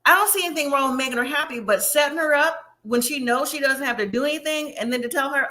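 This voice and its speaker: Speaking directly to her viewers, a woman gives a chatty, opinionated recap of a reality show episode in a high, sharp voice. Every so often she breaks into quick impressions of the people she describes.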